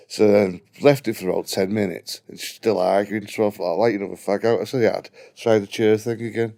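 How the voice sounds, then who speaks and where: A man's voice: on the low side, fairly even intonation, a little fast, vocal fry, few pauses, warm tone. A man with a broad Liverpool accent telling a profane, blunt anecdote in casual chat. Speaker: guest storyteller.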